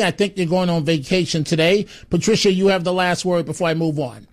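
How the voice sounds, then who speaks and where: A man's voice: sits high, fairly quick. A man hosting a talk radio call-in show, emphatic and repetitive, turning sarcastic at times. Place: radio studio.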